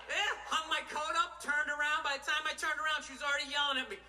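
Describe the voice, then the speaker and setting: A man's voice: very high voice, flat delivery, fast talker, distant mic, background noise. A man doing a stand-up comedy routine, ranting and exasperated, with plenty of profanity.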